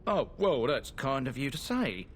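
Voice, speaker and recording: A man's voice: medium pitch, big pitch swings, unhurried, a little hiss or hum. An actor voicing a humble, friendly man proud of his fallen ancestors, speaking modestly and earnestly in video game dialogue.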